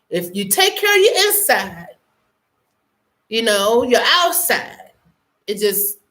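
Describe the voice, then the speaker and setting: A high-voiced woman hosts a casual news commentary show. She talks very slowly and stretches her words out for drama. Her pitch swoops up and down freely as she teases her listeners and laughs along. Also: fairly bright tone. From United States. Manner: playful, laughing, drawn-out dramatic delivery. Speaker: online show host.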